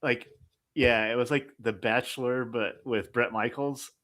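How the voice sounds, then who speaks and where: A man's voice: medium pitch, fairly even intonation, a little slow, a bit bright. A man co-hosting a podcast in casual chat, rambling and heavy on "like", with offhand swearing. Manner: loose, peppered with "like", swears casually. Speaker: podcast co-host.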